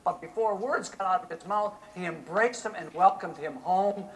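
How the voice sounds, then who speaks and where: Animated preacher asking his church questions. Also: sits high, normal speed, rough recording. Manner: animated, asks the congregation rhetorical questions. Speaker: pastor. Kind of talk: sermon.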